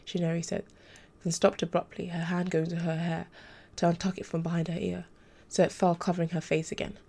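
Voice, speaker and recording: Woman reading a novel aloud, low voice, some fry, steady. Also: fairly quick. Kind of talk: audiobook narration.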